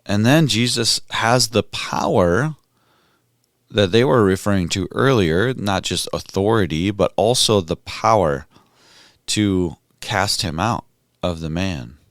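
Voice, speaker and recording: Low-voiced man musing on scripture. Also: slow pace, no room sound, studio quality. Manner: musing, conversational, thinks aloud with restarts. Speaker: podcast host. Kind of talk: contemplative scripture reflection.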